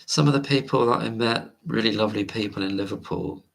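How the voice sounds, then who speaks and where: A man's voice: fairly low pitch, fairly quick, vocal fry. A man hosting a late-night livestream, rambling casually and reading viewer comments aloud. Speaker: livestream host.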